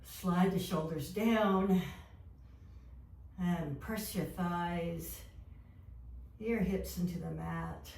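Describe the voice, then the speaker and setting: A woman in her fifties guiding a yoga class with calm, gentle step-by-step cues. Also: lowish voice, drawn-out words, vocal fry, long pauses. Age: 50s. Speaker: yoga instructor. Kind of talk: guided yoga class instruction. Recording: echoey room, mic far off.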